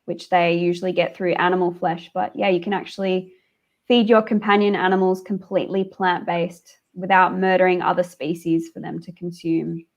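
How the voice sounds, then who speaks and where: Woman in her 20s from australia, calm, matter-of-fact, mid-pitch, livestream chat. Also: normal speed, lo-fi sound. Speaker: livestream co-host. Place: home, video call livestream.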